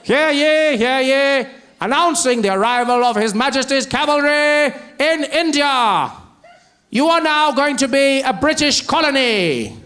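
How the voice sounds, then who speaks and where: A man's voice: very high voice, animated, a little slow, sharp tone, pitched above the performer's own voice, full character voice. A man voicing a pompous, posh British cavalry herald, speaking in a plummy upper-class way. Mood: proclaiming.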